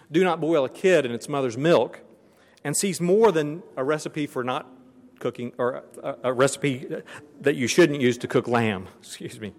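A man giving an earnest lecture on education and virtue, reading passages aloud with occasional restarts. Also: a little high. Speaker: speaker on Christian education. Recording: long hall reverb.

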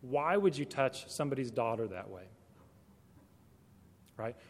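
This man's talk to Christian educators is conversational and aimed right at the teachers, full of rhetorical questions. He sounds animated yet unhurried in a mid-range voice. There's long hall reverb on the recording.

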